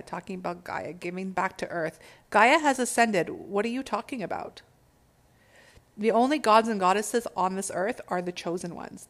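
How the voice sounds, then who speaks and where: Woman, spiritual monologue, swears freely, exhortative, casual. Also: medium pitch. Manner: profane, exhortative, laughs at own words. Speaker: spiritual speaker.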